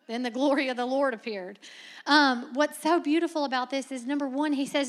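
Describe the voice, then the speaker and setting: High-voiced young woman preaching with animated swings. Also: moderate pace. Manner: lively, humorous, swings from soft low asides to loud emphatic lines; laughs often. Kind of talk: sermon.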